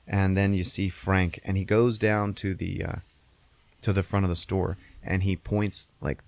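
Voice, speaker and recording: A man with a lowish voice on a podcast, casually retelling a film and rambling with lots of fillers and swearing. He is recorded dry and close, with no room sound. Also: vocal fry, darkish tone, dry recording. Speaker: podcast co-host. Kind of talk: casual movie recap.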